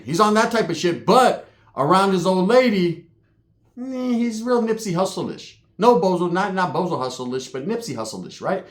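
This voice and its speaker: A man's voice: high-pitched, expressive, normal speed, echoey room. Profane man telling a street story. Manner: profane, tags lines with "right?".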